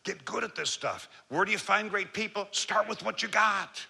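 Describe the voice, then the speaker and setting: A man giving a motivational leadership talk to a live audience, swinging between loud emphatic lines and a low, slow, calm voice. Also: gravelly. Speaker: leadership speaker.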